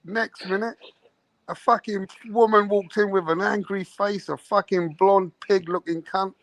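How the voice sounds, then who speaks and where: A man's voice: high voice, steady tone, unhurried, no room sound, lo-fi sound. A man hosting a late-night podcast, telling a crude, swaggering story with laughter. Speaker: host.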